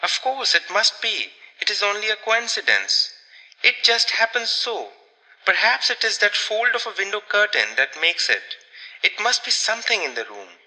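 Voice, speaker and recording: A man's voice: high-pitched, big pitch swings, normal speed, pushed and bright, in a large hall, pitched above the performer's own voice, heavily acted, poor audio. A man doing a timid, nervous woman. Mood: placating. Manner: stammering and nervous.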